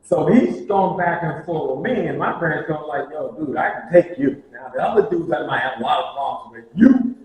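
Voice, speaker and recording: A man telling lively stories about prison ministry to a group, acting out the voices of the people in them. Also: a little high, moderate pace. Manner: animated, acts out dialogue, laughs at own stories. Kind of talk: storytelling talk to a group. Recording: very echoey room with faint hiss.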